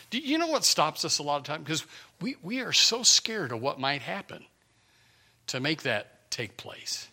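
A pastor delivers his sermon in a high, ringing male voice. He preaches with passion, rising to near-shouts and then dropping to hushed whispers. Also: sing-song, moderate pace, vocal fry, breathy edge.

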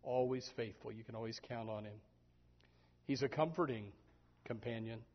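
A man preaching a sermon in a lively, animated manner, often stumbling over repeated words. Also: medium pitch, normal speed. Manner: animated, repetitive restarts, voices sheep and God aloud. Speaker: pastor. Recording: dull lo-fi recording.

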